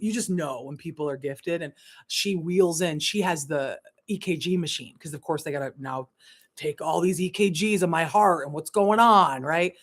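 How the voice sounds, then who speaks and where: A woman who works as a spiritual coach tells a personal story on a casual livestream, her voice on the low side. She's animated, cursing and laughing as she goes.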